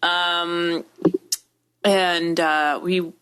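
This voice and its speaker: A woman's voice: on the low side, little pitch movement, drawn-out words, fairly bright tone, clear, resonant tone. A woman co-hosting a podcast in casual chat, rambling along with lots of "like" fillers. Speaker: podcast co-host.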